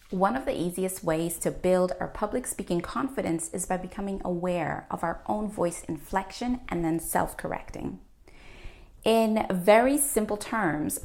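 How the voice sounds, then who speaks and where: Low, gravelly-voiced woman coaching speakers. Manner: clear, deliberate delivery with stressed downward endings. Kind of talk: scripted speaking-tips video.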